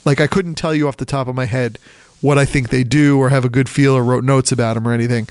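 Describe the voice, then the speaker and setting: A man from the Philadelphia area chatting casually about college basketball, rambling and animated, often acting out quotes. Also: mid-range voice, quick pace, clear, resonant tone, no echo. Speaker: podcast co-host. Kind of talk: casual sports chat.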